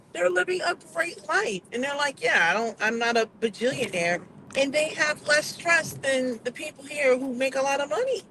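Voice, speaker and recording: A woman's voice: a little high, a bit bright, slight background noise, rough recording. An American woman giving casual, digressive opinion commentary in a vlog, acting out the voices she quotes. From United States. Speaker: vlogger.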